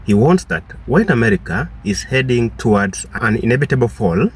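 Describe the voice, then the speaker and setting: A man hosting his own channel, giving casual commentary with a relaxed, filler-filled delivery. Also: medium pitch, moderate pace, distant mic, slight background noise. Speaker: channel host.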